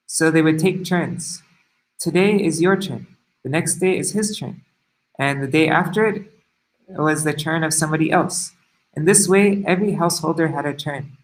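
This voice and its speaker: A man reading a devotional story aloud, in a measured storytelling manner with brief asides. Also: a little high, low-quality recording. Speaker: reader of devotional stories.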